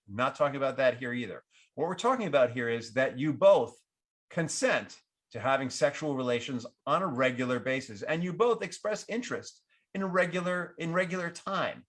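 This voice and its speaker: A man giving relationship advice, acting out what partners might say in a livelier voice. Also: fairly quick. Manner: animated, acts out quoted partners with lifted pitch. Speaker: relationship advisor. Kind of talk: advice talk to camera.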